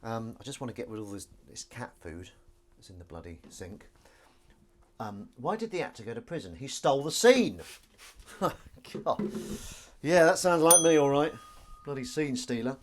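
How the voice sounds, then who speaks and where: A young man from northern England chats casually on a live stream from his home kitchen while washing up, joking as he reads viewer comments aloud. His mid-range voice has big pitch swings, a normal pace and a darkish tone, with a faint hiss or hum in the background.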